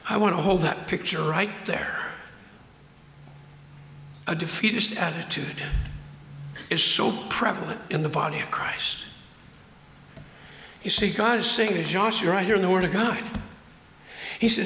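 An older man preaches a sermon in a church sanctuary, his voice high and bright. He acts out the quotes and drags out key words for emphasis. The room rings with a long, echoey reverb. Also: unhurried, creaky, pauses often. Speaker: pastor. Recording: echoey hall.

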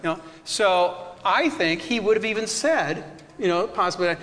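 A bright, high-pitched man speaks in a room with a long, hanging reverb. He leads a question-and-answer discussion and acts out the voices in his stories in lively bursts, often laughing as he goes. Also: moderate pace. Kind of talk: animated Q&A discussion.

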